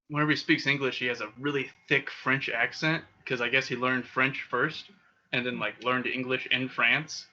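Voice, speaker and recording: A man's voice: mid-range voice, pushed and bright, highs cut off. A young man co-hosting a casual podcast, telling crude stories and laughing often. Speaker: podcast co-host. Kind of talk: casual chat. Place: Okinawa.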